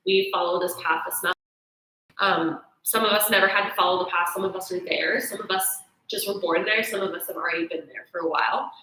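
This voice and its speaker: A young woman teaches yoga ideas in a bright, clear voice, talking casually and telling stories with a lot of life. She keeps checking in with her listeners. The room around her echoes strongly. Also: on the low side, a little fast. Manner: animated storytelling with self-quotes, frequent "right?".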